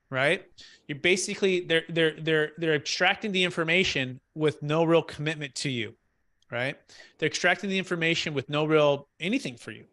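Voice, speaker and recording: Energetic, bright-voiced male sales coach. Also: on the high side. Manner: energetic, emphatic, keeps checking in with "right?". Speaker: sales trainer. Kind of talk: coaching on a practice cold call.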